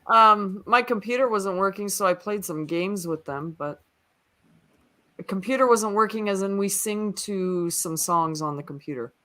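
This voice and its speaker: Woman co-hosting a livestream, bright voice, teasing, laughs a lot. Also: medium pitch, normal speed. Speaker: co-host, music teacher. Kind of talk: casual chat.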